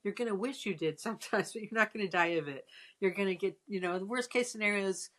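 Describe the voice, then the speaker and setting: Woman, sixties, casual chat, storytelling, restarts often, middle pitch. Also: quick pace, a bit bright. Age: 60s.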